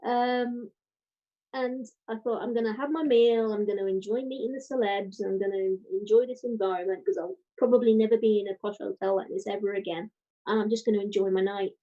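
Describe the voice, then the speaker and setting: A woman guest chatting in a casual interview, telling a story with lively quoted voices. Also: mid-range voice, fairly quick, highs cut off. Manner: animated storytelling, quoting others. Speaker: guest, writer and podcaster.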